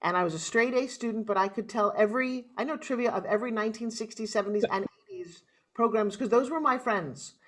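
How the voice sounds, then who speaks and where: A middle-aged woman from New York with a New York accent, telling her life story as an interview guest in a dramatic, animated way. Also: a little high, fast.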